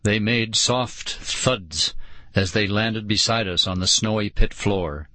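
A man narrating an audiobook in a slow, dramatic storytelling manner. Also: fairly low pitch, bright, forceful tone, no echo.

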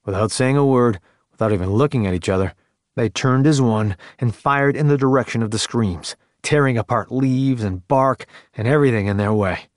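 A man reading scripted narration for an audiobook in a measured, steady way, close to a studio mic. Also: medium pitch, dry recording.

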